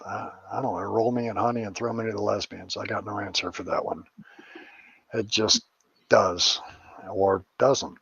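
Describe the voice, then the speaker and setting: A man's voice: on the low side, steady tone, moderate pace, creaky, fairly bright tone, husky, no echo, dull audio. A middle-aged man, a psychic medium and paranormal investigator, rambling through stories in a casual interview, with crude jokes and swearing.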